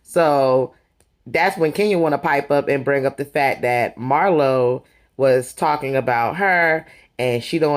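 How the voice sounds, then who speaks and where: A woman casually recapping a reality TV episode, gossipy and animated, breaking into laughs as she acts out what the cast said. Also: sits low.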